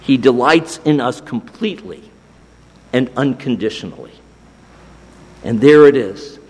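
A man preaching a sermon, slow and deliberate, dropping to a hush on key phrases. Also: mid-range voice, lively intonation, a little hiss or hum. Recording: long hall reverb.

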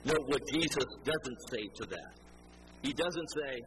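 A man's voice: mid-range voice, unhurried. A man preaching a sermon, retelling a story and acting out the quoted dialogue. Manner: animated, acts out quoted dialogue. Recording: noisy ambience behind voice.

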